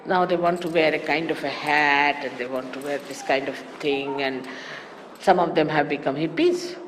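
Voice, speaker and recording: A woman giving a spiritual talk to followers, animated and teasing with amused asides. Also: low voice, moderate pace. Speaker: spiritual teacher. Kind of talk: sermon-style spiritual talk. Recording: echoey hall with faint hiss, archive 1989 tape.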